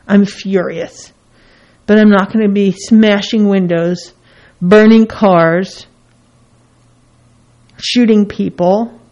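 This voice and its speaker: Woman therapist talking casually, mid-pitched, acts out feelings as she goes, kinda dull lo-fi sound. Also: slow pace, long pauses. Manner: expressive, acts out feelings in her voice. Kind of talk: casual teaching talk. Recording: dull lo-fi recording.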